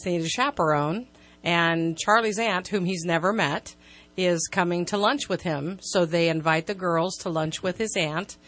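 A woman's voice: lowish voice, fairly bright tone. A woman who directs plays, a guest on a studio radio show, explaining things plainly. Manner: explains plainly, with fillers and laughs. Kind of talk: radio interview. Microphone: studio microphone.

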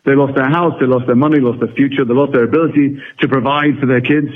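A middle-aged English actor from England, talking reflectively and wryly as a radio interview guest. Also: male voice, medium pitch, fairly even intonation, fast. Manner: reflective, articulate, wry. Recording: phone-like radio line.

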